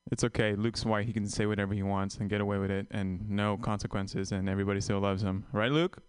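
A man's voice: fairly low pitch, little pitch movement, quick pace, smooth. A young Vietnamese-born man doing a stand-up set, wry and self-mocking, rambling into asides to the crowd. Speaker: stand-up comedian.

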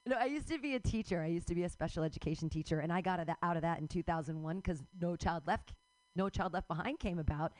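A middle-aged woman doing a rambling stand-up comedy set at a live show, breaking into loud outbursts and laughing at her own jokes. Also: lowish voice, fast talker, no echo.

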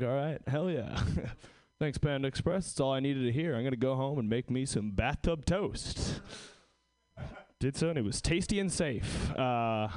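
A man's voice: medium pitch, a little mellow, clear, resonant tone. A man doing an open mic stand-up set, self-deprecating and rambling with fillers. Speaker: stand-up comedian.

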